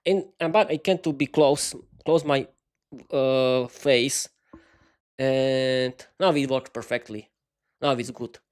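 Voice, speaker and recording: A man's voice: mid-range voice, steady tone, takes it slowly. A man hosting a casual live-stream podcast, talking to viewers in a hesitant, stuttering way full of restarts while adjusting his lighting, speaking into a desk microphone in a small home studio. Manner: chatty, talks to viewers while fiddling with lighting. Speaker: podcast host.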